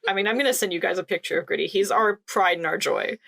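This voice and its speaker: A woman's voice: on the low side, fast, gravelly, a bit bright. A woman from Philadelphia co-hosting a podcast, chatting casually and giggling as she tells stories with enthusiasm. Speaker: podcast co-host. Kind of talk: casual chat.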